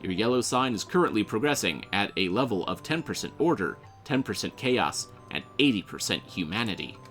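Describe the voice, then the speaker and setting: A man's voice: lowish voice, sing-song, brisk, a bit bright, faint music behind. A man voicing a cheerful, overly friendly male AI assistant program in a game. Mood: informative. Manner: chirpy, overly friendly, calls the player friend.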